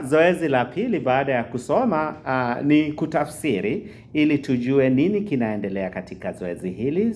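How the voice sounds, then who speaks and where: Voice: medium pitch, darkish tone, a little hiss or hum. Teacher speaking through a face mask. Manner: slow, careful pronunciation drills, switching between Swahili and English. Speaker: Swahili teacher. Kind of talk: classroom teaching.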